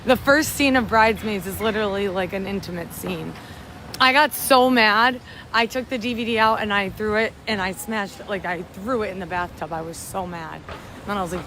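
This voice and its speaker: Young woman, livestream host, rambling casual chat, phone mic, loud traffic around her. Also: medium pitch, normal speed, rough recording. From upstate New York. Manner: chatty, rambling, reads out and thanks viewers. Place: city street at night, outdoors in rain. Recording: street noise under the voice.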